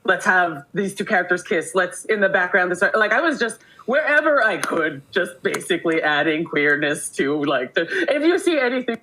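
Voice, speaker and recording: A woman director talking fast and casually, with lots of filler words. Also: lowish voice, sing-song, bright, forceful tone, rough recording. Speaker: animation director.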